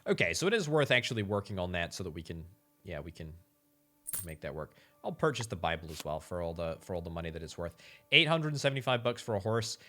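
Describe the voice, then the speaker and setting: A man giving chatty commentary while playing a management game, thinking out loud and repeating words for emphasis, with faint game music behind him. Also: low voice, sing-song, fast talker, slight background noise. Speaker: game streamer. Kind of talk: gameplay commentary.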